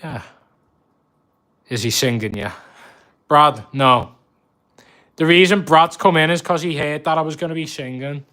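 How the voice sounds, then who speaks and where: A man's voice: on the high side, measured pace, pauses often, pushed and bright. A man with a Scouse accent chatting casually on a fishkeeping live stream, laughing often and poking fun at himself. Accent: Liverpool (Scouse).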